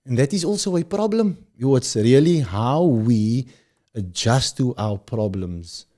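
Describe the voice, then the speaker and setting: A man with a Cape Town South African accent hosts his podcast in a loose, upbeat way, turning often to talk straight to his listeners. His voice is mellow and warm at a middle pitch. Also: lively intonation, unhurried. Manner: rambling, upbeat, addresses the audience directly. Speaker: podcast host. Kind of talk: casual chat.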